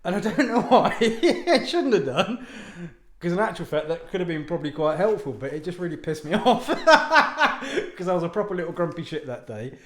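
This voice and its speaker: A man's voice: high-pitched, very animated, moderate pace, fairly bright tone. A man talking casually to viewers at home, rambling off on tangents, mocking himself and swearing now and then. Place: home lounge. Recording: roomy echo.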